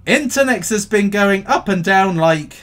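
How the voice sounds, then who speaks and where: A man hosting a casual livestream about crypto, answering viewer questions in a cheeky, animated way. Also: sits high, measured pace. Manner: animated and cheeky, swinging between loud bursts and mutters.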